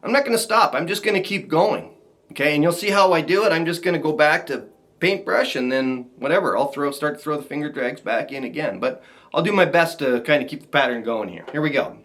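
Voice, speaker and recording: A man teaching a ukulele strumming lesson, talking to viewers in a relaxed, encouraging way. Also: on the high side, fairly quick. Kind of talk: casual instructional talk. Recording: ukulele playing behind voice.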